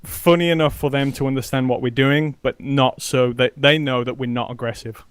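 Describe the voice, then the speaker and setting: A man guest on a casual interview podcast, telling stories in an animated way and laughing often. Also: mid-range voice, a little fast, smooth, dry recording, studio quality. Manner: animated, laughing storyteller acting out exchanges. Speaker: streamer guest.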